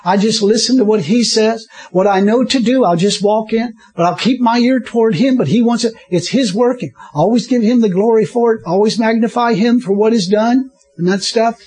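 Husky high-voiced preacher man. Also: normal speed, a little mellow. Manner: chuckling often, interjecting hallelujahs, repeating himself. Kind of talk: sermon.

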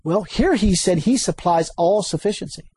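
A man delivers a sermon with lots of energy, chuckling frequently, repeating key words, and breaking into sudden high exclamations. His husky voice moves at a normal speed, and there is no room sound.

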